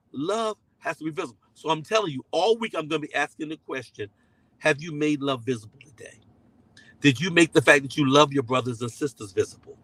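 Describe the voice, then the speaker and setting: A man's voice: a little high, pushed and bright, dry recording, poor audio. Earnest middle-aged preacher man, dry sound. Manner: conversational and emphatic, repeating key phrases; slips into voices when quoting people. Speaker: pastor. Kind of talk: sermon-style teaching to a live online audience.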